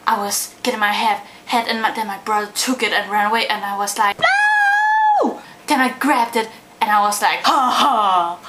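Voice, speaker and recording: A woman's voice: medium pitch, steady tone, fairly quick, reverberant, noisy background. A hyper, giggly woman chatting playfully in a silly casual vlog. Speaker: vlogger.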